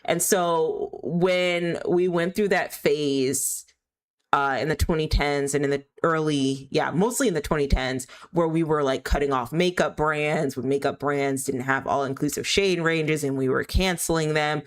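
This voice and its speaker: A woman talks to her stream audience in a loose, rambling way, her voice sitting a little low for a woman. She is candid and opinionated, leaning on fillers as she goes. It sounds like live, unscripted chat. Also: a little slow. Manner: chatty, rambling, full of "like" fillers. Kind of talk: casual chat while gaming.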